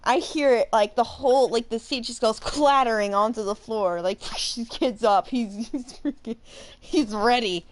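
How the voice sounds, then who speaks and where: Young woman, gaming host, spins a chatty, animated anecdote mid-game. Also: on the high side, moderate pace. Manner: animated, rambling, full of fillers and laughter. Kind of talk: casual storytelling while playing a game.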